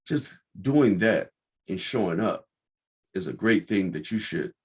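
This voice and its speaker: A man's voice: deep voice, animated, a little slow, breathy edge. A man hosting his own show, giving an impassioned, blunt and profane commentary monologue. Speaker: podcast host.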